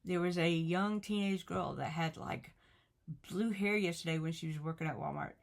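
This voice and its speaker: A woman's voice: lowish voice, moderate pace, gravelly. A middle-aged woman, giving an earnest, chatty motivational talk to the camera and repeating her phrases. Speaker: vlogger.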